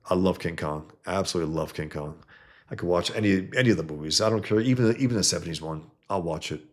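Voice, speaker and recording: A man's voice: deep voice, fast talker. A man hosting a casual livestream, talking with enthusiasm and often repeating his words. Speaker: comic creator hosting a livestream.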